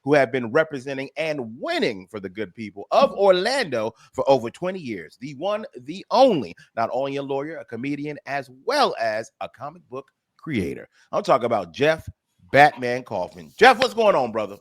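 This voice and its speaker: A man's voice: mid-range voice, very animated, normal speed, no echo, studio quality. A man hosting a nightly comedy radio show, hyping up his guests like a showman and laughing along with them.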